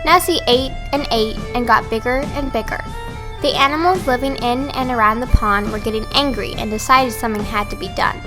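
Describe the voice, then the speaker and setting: A woman narrating a storybook in a steady reading voice. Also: on the high side, fairly quick, over music.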